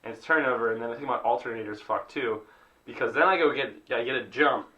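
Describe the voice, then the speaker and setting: A man's voice: mid-range voice, quick pace, sharp tone, dull audio. A young man co-hosting a podcast, telling a rambling story with a laugh and acting out what people said. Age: young adult. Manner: rambling, laughing, acts out quotes. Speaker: podcast co-host. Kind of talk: casual storytelling chat.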